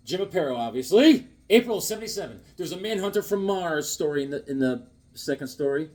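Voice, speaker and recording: Husky guy rambling about old comics, voice swings all over, bit high. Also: a little fast. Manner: animated, jokey, bursts of exclamations. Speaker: comic book vlogger. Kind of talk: casual show-and-tell vlog.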